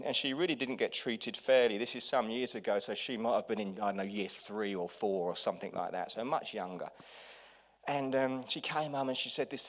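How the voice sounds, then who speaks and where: Lively pastor preaching. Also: male voice, mid-range voice. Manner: lively and anecdotal, swinging between quiet asides and loud bursts. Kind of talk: sermon.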